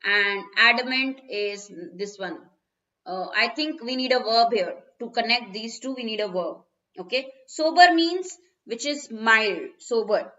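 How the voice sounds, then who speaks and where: A woman's voice: a little high, animated, measured pace, pushed and bright, dull audio. A young Indian woman teaching English vocabulary in a live online class, explaining word meanings step by step and slipping into Hindi. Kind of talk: live online exam-prep lesson. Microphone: phone.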